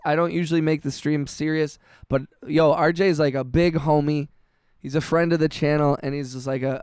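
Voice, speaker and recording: A man streaming music production, chatting casually with his chat, halting and heartfelt, often restarting and swearing with lots of "bro" and "dude". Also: fairly high pitch, a little mellow, clear, resonant tone, no echo, clean studio sound. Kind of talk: casual livestream chat, reading chat messages.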